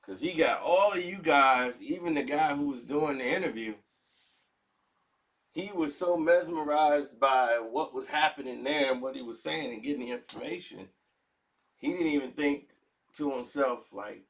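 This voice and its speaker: A man hosting a casual commentary vlog, talking in slangy, animated style and acting out quotes. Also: fairly high pitch, unhurried. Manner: animated, slangy, acts out quotes in other voices. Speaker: commentary channel host.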